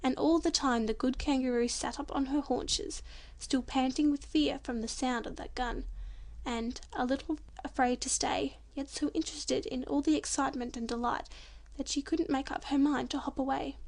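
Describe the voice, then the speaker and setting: A woman reading a children's storybook audiobook in a gentle, expressive narration. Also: high voice, normal speed.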